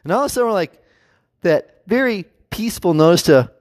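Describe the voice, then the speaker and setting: A man's voice: high-pitched, expressive, brisk, darkish tone, dry recording. A man vlogging in a casual monologue. He rambles, restarts often and acts out quotes.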